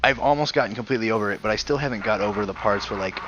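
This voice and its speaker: A man's voice: fairly low pitch, rapid-fire, dull audio, noisy background. A man with a light Southern US accent, chatting loosely with a friend during a game and rambling with many "like"s. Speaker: gaming friend on voice chat. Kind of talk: casual chat while gaming.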